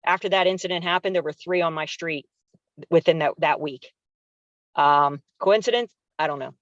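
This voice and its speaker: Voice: mid-range voice, normal speed, a bit bright, no echo. Public commenter in their 40s, retired officer, chatty retelling over a dull, dry video-call line. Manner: conversational, acts out quoted dialogue, many fillers. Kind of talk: recounting an incident at a public meeting.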